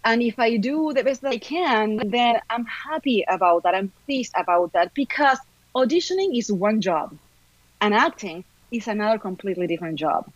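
A middle-aged actress, chatting in an upbeat way as a podcast guest, talking fast in bursts. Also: female voice, on the high side, expressive, highs cut off. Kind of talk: casual podcast chat.

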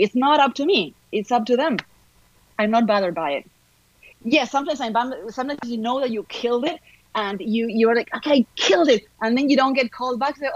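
A woman's voice: fairly high pitch, no echo, lo-fi sound. Upbeat woman. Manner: upbeat, lively, talks fast in bursts. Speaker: actress, guest. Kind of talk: casual podcast chat.

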